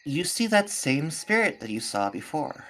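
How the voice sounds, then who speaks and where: A woman's voice: low voice, big pitch swings, normal speed, fairly bright tone. Woman game master narrating casually. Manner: descriptive, casual with fillers.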